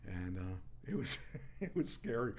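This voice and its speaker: A man, a former wrestler, telling stories in a casual podcast chat and rising into a loud promo voice when he quotes himself. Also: fairly low pitch, a little slow. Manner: animated, shouts into promo voice when quoting himself. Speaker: former pro wrestler guest. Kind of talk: casual storytelling.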